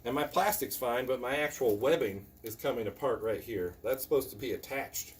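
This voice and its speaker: A man's voice: medium pitch, a little fast, slight background noise. A man from Indiana teaching a hands-on medical class in a casual, blunt, joking way. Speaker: tactical medicine instructor.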